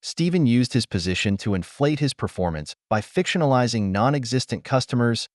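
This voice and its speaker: A man's voice: medium pitch, lively intonation, a little fast, darkish tone, no room sound, studio quality. A man narrating a dramatic audio story in a scripted storytelling style.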